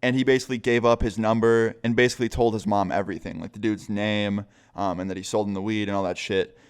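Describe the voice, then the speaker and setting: A man's voice: lowish voice, little pitch movement, fast, clean tone. A young man telling a casual storytime vlog in a loose, profane way, laughing now and then. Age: young adult. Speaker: vlogger.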